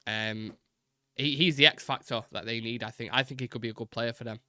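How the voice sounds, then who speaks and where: A man hosting a live football fan show, fast-talking and rambling with many fillers while reading chat messages. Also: mid-range voice, steady tone, bright, forceful tone, dry recording, studio quality.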